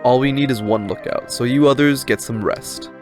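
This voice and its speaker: A man voicing a calm, cold-blooded swordsman from a game, his orders coming out level and commanding at a medium pitch with a faint put-on accent. Faint music plays underneath. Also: normal speed, close to an everyday voice. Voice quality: even, commanding delivery with a slight put-on accent. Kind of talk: reading game dialogue aloud.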